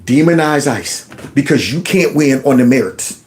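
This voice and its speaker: A man's voice: mid-range voice, lively intonation, moderate pace, darkish tone. A man hosting his own channel, giving opinionated commentary over clips, talking emphatically with lots of rhetorical questions and colloquial speech.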